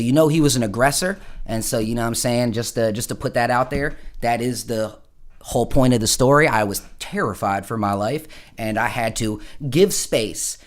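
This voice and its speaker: A man's voice: medium pitch, a bit bright. Casting: a man from Florida, loose musician hosting a livestream, swears a lot, rambles, calls everyone bro. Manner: rambling, profane storytelling, full of "bro". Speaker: musician streaming live. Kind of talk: casual livestream chat.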